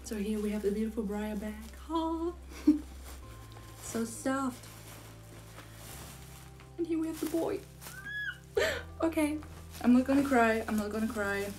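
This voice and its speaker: A young woman from Germany, whose first language is German, gushing with breathless excitement as she unboxes a model horse for her vlog and repeats herself often. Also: on the high side, a little slow, pauses often, soft background music. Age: young adult. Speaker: model horse collector vlogger.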